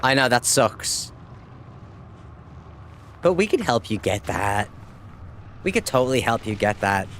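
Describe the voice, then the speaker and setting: A man's voice: mid-range voice, big pitch swings, measured pace, long pauses, fairly bright tone, slight background noise. A young adult Irish man chatting casually with viewers while he plays a game on a live stream. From Ireland. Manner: chatty, reads out chat and answers viewers, upbeat.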